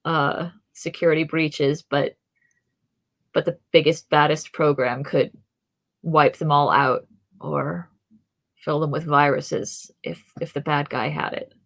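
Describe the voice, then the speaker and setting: A woman's voice: deep voice, fairly even intonation, takes it slowly, gravelly, fairly bright tone. A young adult woman co-hosting a podcast, chatting casually and thinking aloud with fillers and restarts. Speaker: podcast co-host. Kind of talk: casual chat.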